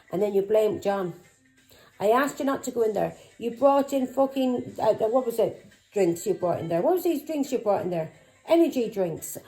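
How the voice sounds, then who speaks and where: A middle-aged woman, running a tarot reading vlog. Her tone is mellow and dark, but her delivery is furious and accusing, full of swearing and taunting questions. Faint music plays behind her. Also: a little high, poor audio. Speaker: tarot reader.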